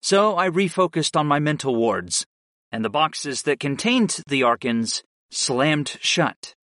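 A man narrating a first-person fantasy audiobook with an expressive, varied delivery. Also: fairly high pitch, no room sound, clean studio sound.

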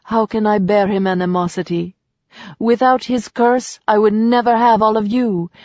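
A woman's voice: medium pitch, fairly even intonation, normal speed, darkish tone, no echo, natural voice. A woman voicing an earnest, firm new father, in a slightly muffled recording.

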